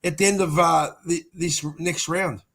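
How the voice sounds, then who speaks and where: A man's voice: a little high, steady tone, measured pace, creaky, fairly bright tone. An Australian man on a casual sports chat show, eager and cutting in. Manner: eager, interrupting. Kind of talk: casual banter.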